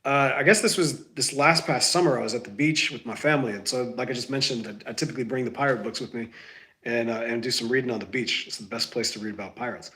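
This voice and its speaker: A man with a medium-pitched, pushed and bright voice talks fast while hosting a casual solo podcast. He's sick, stuffed up and has lost his sense of smell, rambling, correcting himself and saying "y'all."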